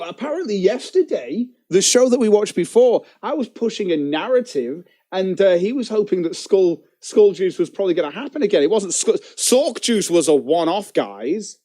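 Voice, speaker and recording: A man's voice: high voice, mellow. A man streaming live and commenting casually in a profane, giggly, mocking way.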